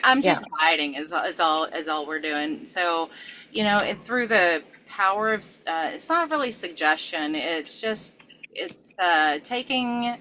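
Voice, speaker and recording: A woman's voice: medium pitch, pushed and bright, slight background noise, low-quality recording. A middle-aged woman, a regression therapist, talking casually with many fillers and restarts. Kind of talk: casual conversation.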